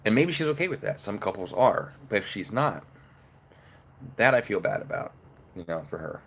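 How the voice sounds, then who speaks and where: Brief: low-pitched man, casual opinionated commentary, faint background noise. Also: sing-song, normal speed, creaky, a bit bright. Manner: conversational, opinionated, breaks down the case step by step. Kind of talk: casual commentary while eating.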